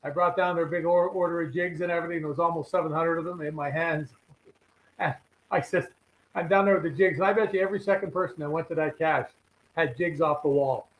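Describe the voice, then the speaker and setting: A man's voice: a little high, fairly even intonation, fast, echoey room, dull audio. A man, a regular guest on a live fishing show, telling rambling anecdotes full of quoted dialogue. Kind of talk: casual storytelling chat.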